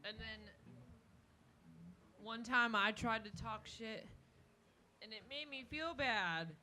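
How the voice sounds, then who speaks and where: A woman's voice: on the high side, slow, pushed and bright. A woman hosting a music and comedy show, chatting casually between songs in a joking, self-deprecating way. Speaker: host and musician. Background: guitar playing.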